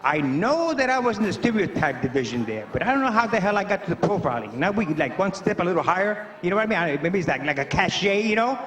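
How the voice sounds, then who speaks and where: Puerto Rican stand-up comic, high voice, bouncy delivery, rambling, lots of fillers. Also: male voice, quick pace, hardly any pauses. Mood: storytelling. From Puerto Rico. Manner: rambling, animated storytelling with many fillers. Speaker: stand-up comedian. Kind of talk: stand-up comedy set.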